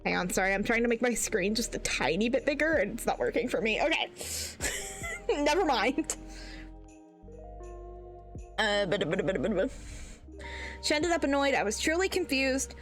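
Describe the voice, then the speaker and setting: A woman's voice: fairly high pitch, animated, normal speed, long pauses, a bit bright, soft background music. A woman streamer reading posts aloud to guests in casual chat, often breaking into giggles and mock outrage.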